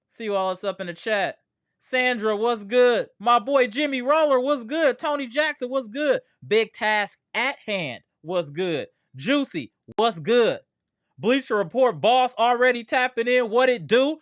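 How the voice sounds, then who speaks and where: A man's voice: sits high, fairly bright tone, no room sound, studio quality. A man hosting a casual sports livestream, slangy and trash-talking as he greets chat viewers by name. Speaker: sports channel host.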